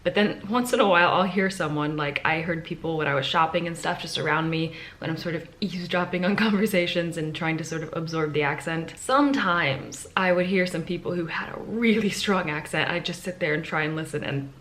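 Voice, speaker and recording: A woman's voice: on the low side, brisk, few pauses, a bit bright, a little hiss or hum. A woman talking casually to camera in a hotel room, chatty and enthusiastic as she thinks aloud. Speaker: travel vlogger. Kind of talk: casual vlog talk to camera.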